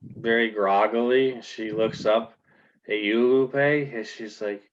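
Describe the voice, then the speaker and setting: A man narrating a tabletop game as game master, in a relaxed, halting way. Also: lowish voice, highs cut off.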